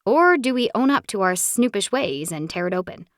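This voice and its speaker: A woman's voice: medium pitch, sing-song, normal speed, no echo, lightly acted. A woman voicing a wry young woman lawyer who talks in a dry, playful way.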